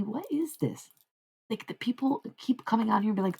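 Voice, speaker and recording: Husky, gravelly young woman streaming. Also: on the high side, expressive, normal speed, warm tone, poor audio. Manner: rambling and easily sidetracked, talking to chat. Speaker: livestreamer. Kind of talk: casual livestream chat.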